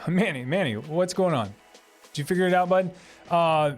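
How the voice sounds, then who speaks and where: A man's voice: a little high, moderate pace, soft background music. A man casually answering viewer questions on a livestream, thinking aloud and laughing easily. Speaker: streamer answering live chat.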